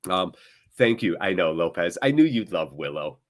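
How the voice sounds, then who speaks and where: A man's voice: deep voice, sing-song, normal speed. A man hosting a live football watchalong stream, chatting casually with viewers in a rambling, jokey way.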